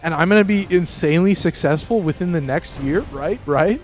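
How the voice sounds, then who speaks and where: A man talks casually to his livestream viewers in a slightly high voice over faint background game music. He rambles and restarts a lot, with sudden excited leaps in pitch. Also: normal speed. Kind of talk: casual livestream chat with viewers while gaming.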